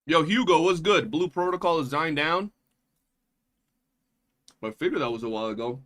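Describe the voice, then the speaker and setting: Slangy New streamer guy, bright voice. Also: fairly high pitch, moderate pace. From New York. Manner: loose, profane, slangy, keeps saying bro. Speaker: livestreamer. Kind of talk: casual chat with viewers.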